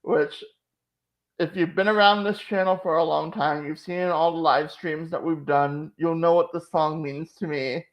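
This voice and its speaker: A woman's voice: sits low, fairly even intonation, normal speed. A woman hosting a channel, chatting casually and emotionally, full of "like" fillers. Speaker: channel host. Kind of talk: casual chat recap.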